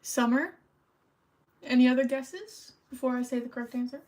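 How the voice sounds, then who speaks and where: A woman's voice: high voice, normal speed, a little mellow, rough recording. A woman streamer hosting trivia in casual livestream chat, chatty and rambling, a little self-conscious.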